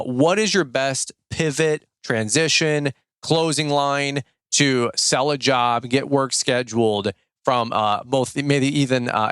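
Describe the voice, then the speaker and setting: A man hosting an interview, asking questions in a halting, eager way with many restarts. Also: medium pitch, a bit bright, smooth, dry recording, clean studio sound. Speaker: podcast host.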